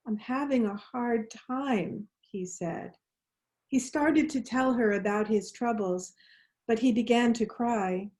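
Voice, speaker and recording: Woman minister, slow gentle storytelling, high-ish voice, leads responsive lines. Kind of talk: storytelling sermon.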